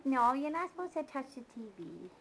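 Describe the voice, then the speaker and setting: A woman's voice: high-pitched, big pitch swings, moderate pace, noisy background. A woman filming a baby at home and coaxing it in sing-song baby talk.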